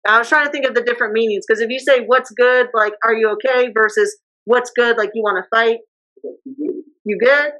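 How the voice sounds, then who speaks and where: A woman's voice: on the high side, bright, forceful tone, rough recording. A woman teacher giving a casual classroom lecture, chatty and acting out example phrases.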